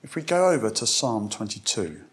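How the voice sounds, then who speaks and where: A man's voice: fairly low pitch, sing-song, normal speed, a bit bright. A man preaching a sermon, speaking conversationally to a congregation and reading scripture aloud with emphasis. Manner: conversational with restarts and direct questions to congregation.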